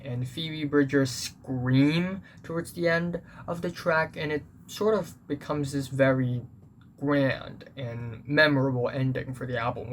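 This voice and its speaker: A man reviewing a music album in a casual, earnest way, pausing often with fillers and restarts. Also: mid-range voice, a bit bright, a little hiss or hum.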